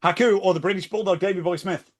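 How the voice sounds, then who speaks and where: A man running a quick-fire quiz segment, playful and punchy. His voice sits high. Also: steady tone. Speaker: segment host. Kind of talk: quiz game hosting.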